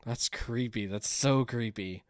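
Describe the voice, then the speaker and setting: A man playing indie games and thinking aloud, chatty and quick to get excited. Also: mid-range voice, dry recording. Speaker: gaming YouTuber. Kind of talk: let's play commentary.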